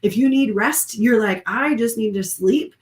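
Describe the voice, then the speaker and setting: A woman's voice: fairly high pitch, unhurried. A woman who leads a wellness studio, giving a heartfelt, effusive live-streamed talk that rambles with restarts. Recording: roomy echo.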